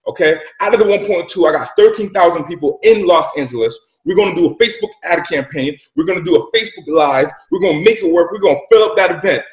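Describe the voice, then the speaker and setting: A man imitating an upbeat older male motivational speaker, booming and encouraging in punchy phrases. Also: lively intonation, fast, few pauses, echoey room, natural voice, low-quality recording. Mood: enthusiastic.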